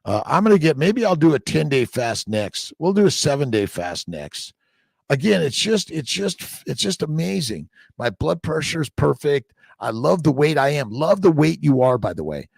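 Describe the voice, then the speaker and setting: A middle-aged man hosting a casual live-stream chat, reading viewer comments aloud in an upbeat, exclamatory way that swings between loud bursts and low murmurs. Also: sing-song, moderate pace, vocal fry, slightly rough, no echo, clean studio sound.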